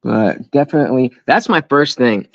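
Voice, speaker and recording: A man's voice: medium pitch, animated, moderate pace, dry recording, highs cut off. Rambling young man streaming casually. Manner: rambling, self-interrupting, jokey. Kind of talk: casual live-stream chat. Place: at home indoors. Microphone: desk microphone.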